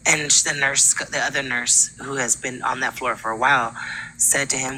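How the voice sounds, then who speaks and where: A woman's voice: extremely low pitch, fairly even intonation, normal speed, sharp tone, a little hiss or hum, poor audio. A woman in her twenties from California, a caller on a live show telling a ghost story in a chatty way and acting out the people in it. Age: 20s. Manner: chatty, acts out quoted dialogue. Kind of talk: casual storytelling.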